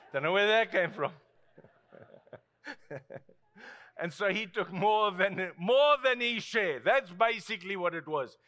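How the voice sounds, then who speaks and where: Animated high-voiced South African preacher. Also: male voice. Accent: South African English. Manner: animated, swings between loud asides and hushed quoted lines. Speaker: pastor. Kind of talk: sermon.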